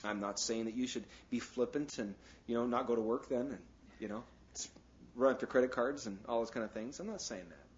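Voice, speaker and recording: A man's voice: medium pitch, fairly quick. A man preaching a sermon in a loose, conversational way, full of "you know" asides and jokes. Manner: breaks into jokes and acted asides. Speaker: pastor. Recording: dull, lo-fi sound.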